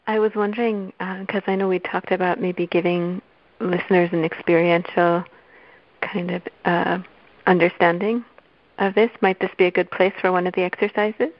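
A woman's voice: fairly low pitch, flat delivery, normal speed, highs cut off. A woman co-hosting a talk, asking a question hesitantly with fillers. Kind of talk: casual chat.

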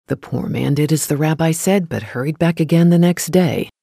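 A storyteller telling a folktale in a steady, gentle storybook narration. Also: medium pitch, normal speed, vocal fry, few pauses, breathy edge, no echo, clean studio sound.

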